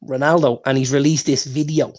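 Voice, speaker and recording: A man's voice: medium pitch, level tone, fairly quick, darkish tone. Man telling football stories. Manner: storytelling, many false starts. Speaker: podcast co-host. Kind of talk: casual football chat.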